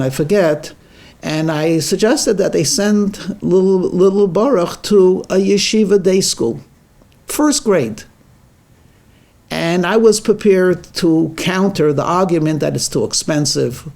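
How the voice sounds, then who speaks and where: A man, a rabbi, telling a weekly story as a sermon in an animated, emphatic way. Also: a little high, vocal fry.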